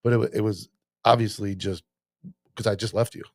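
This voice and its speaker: Animated man retelling a phone call, dry sound. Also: fairly low pitch, brisk, no room sound. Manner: animated, swearing, acting out phone calls. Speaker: podcast host, police officer. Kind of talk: casual interview chat.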